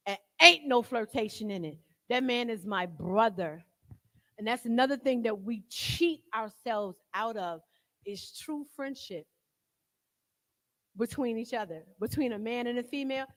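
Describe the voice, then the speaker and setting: A woman tells her recovery story frankly and with street slang at a live talk in a jail hall. Her voice sits a little high, and a long reverb hangs in the room behind it. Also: moderate pace, a bit bright. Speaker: guest speaker in recovery.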